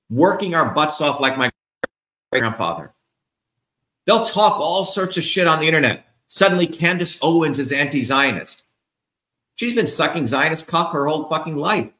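A man's voice: on the high side, animated, normal speed, sharp tone, reverberant. A man being interviewed as a political candidate, ranting in a combative, profane, emphatic way. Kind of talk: heated interview rant.

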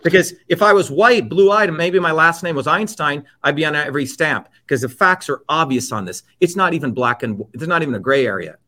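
50s guy from india, interview guest, swears a lot, pushy and emphatic, voice a bit on the high side. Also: fairly quick, few pauses, bright, forceful tone. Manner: emphatic, blunt and profane. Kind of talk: impassioned personal storytelling.

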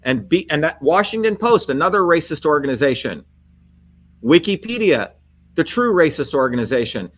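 Man, fiery political monologue, emphatic and repetitive, a bit high-voiced. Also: very animated, moderate pace. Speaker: political speaker. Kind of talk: impassioned monologue to viewers.

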